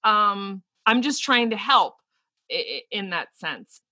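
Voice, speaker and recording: Woman, podcast co-host, teacher, frank, talkative, restarts a lot, bright forceful voice. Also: medium pitch, animated, slow pace, no room sound. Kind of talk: casual podcast discussion.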